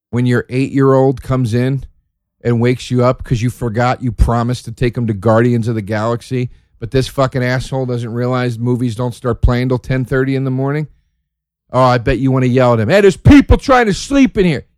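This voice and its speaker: A man doing a profane, sarcastic stand-up routine, ranting and jumping from loud high outbursts to low mutters. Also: dry recording, studio quality. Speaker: stand-up comedian.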